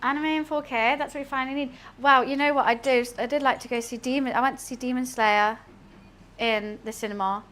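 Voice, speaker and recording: Young British woman, streamer cooking live, slightly high voice, flat chatty delivery, faint background noise. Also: a little fast. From United Kingdom. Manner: chatty, deadpan-sounding, reads and answers chat while cooking. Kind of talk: casual cooking stream chat.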